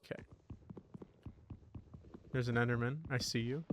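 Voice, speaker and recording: A young gaming streamer talks casually over a game, spinning a loose, rambling story packed with swearing and "dude." His medium-pitched voice is fairly even and measured, with a little hiss or hum in the background.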